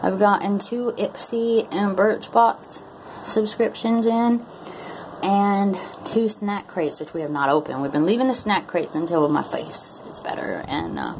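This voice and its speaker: A woman's voice: mid-range voice, measured pace, darkish tone, a little hiss or hum, low-quality recording. Chatty woman talking through new dentures. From Maine, USA. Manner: rambling and chatty, with many fillers. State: talking around brand-new dentures after tooth extractions. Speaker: vlogger. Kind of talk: casual chat to camera.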